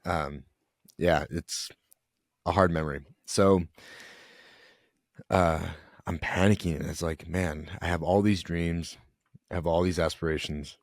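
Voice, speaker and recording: A young man, a podcast guest, telling an emotional personal story in an earnest, halting way. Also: deep voice, fairly even intonation, dry recording, clean studio sound. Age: young adult.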